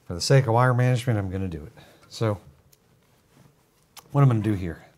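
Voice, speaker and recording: A man's voice: lowish voice, fairly quick, darkish tone. A man building a computer on a live stream, thinking aloud in an offhand, self-deprecating way as he works. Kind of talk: narrating his own work while building.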